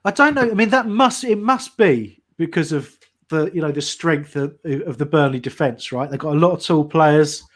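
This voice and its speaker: A man's voice: a little high, moderate pace. A man giving live football commentary and analysis on a fan watch-along, chatty and thinking aloud with many restarts.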